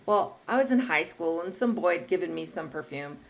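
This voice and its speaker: A woman hosting a podcast, chatting casually and telling lively stories with frequent laughter. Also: fairly low pitch, brisk. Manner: lively storyteller, laughs often. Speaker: podcast host. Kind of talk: casual interview chat.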